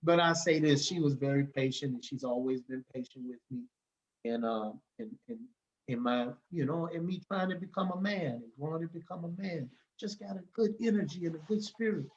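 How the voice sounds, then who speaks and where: A man tells stories as a podcast guest, animated and quick to act out other people's lines. His voice sits high for a man, and the recording sounds dull and lo-fi. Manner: animated, acts out the people he quotes, laughs often. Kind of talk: casual storytelling.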